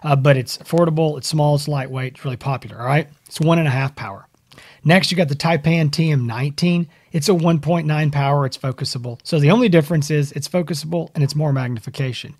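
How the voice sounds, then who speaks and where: Male podcast co-host, slightly high voice, joking and animated, dry close studio sound. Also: fast, no echo. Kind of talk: casual podcast chat.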